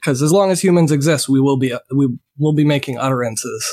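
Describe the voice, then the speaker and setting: A man's voice: mid-range voice, fairly quick, darkish tone. A man co-hosting a casual podcast, giving earnest opinions with frequent fillers. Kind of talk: casual discussion.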